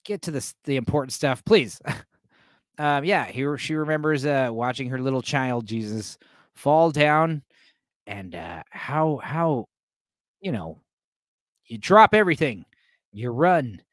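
A man rambles through a relaxed watch-along commentary, trading jokes with his chat and filling gaps with plenty of ums. His pitch swings up and down with lively energy. The sound is dry and close. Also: unhurried, pauses often, dry recording. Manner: joking, rambling, addresses the chat with many fillers. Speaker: host reacting to a film for a live chat.

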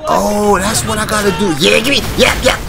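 A man giving casual let's-play commentary as he plays a game, with loud excited reactions and slangy banter. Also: sits high, a little fast, vocal fry, a crowd in the background. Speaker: gaming YouTuber. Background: game music.

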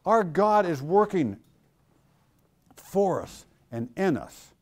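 A middle-aged male pastor teaching a class on Christian doctrine, animated and jokey, acting out the voices he quotes with big swings in pitch and loudness, speaking to students in a classroom. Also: takes it slowly. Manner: jokey, self-mocking storyteller. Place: classroom or church hall with students.

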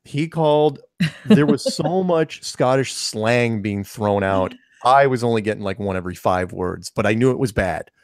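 Animated man telling stories in podcast chat. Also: on the low side, normal speed, no echo, studio quality. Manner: animated storytelling, frequent restarts and fillers. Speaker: co-host. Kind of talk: casual conversational podcast.

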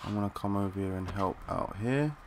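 Excitable young man narrating his gameplay. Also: on the low side, brisk, heavy background noise. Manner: excitable, swears, talks to teammates in slang. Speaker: gaming channel host. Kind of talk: live gameplay commentary.

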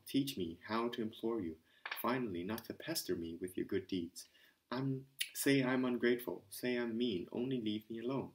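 A man's voice: mid-range voice, close to an everyday voice. A man voicing a sick, irritable young man who pleads to be left alone in exasperation. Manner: pleading, exasperated, rising into frenzy.

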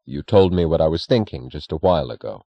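A man's voice: very deep voice, expressive, quick pace, warm tone, no echo, exaggerated voice. A man voicing a hard, terse male industrialist who speaks in a clipped, contemptuous way, in an audiobook reading. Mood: guarded. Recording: dry, dull lo-fi recording.

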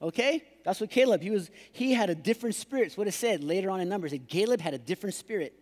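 A man preaching a lively sermon as pastor, joking and putting on voices to act out excuses. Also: high voice, quick pace. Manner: playful, acts out excuses in put-on voices. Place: large church hall. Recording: live church hall reverb.

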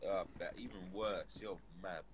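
Deep-voiced man with faint background noise. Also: steady tone, normal speed. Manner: slangy, swearing, says bro a lot. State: coughing, feeling rough. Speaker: fellow streamer. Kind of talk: casual chat on a live stream.

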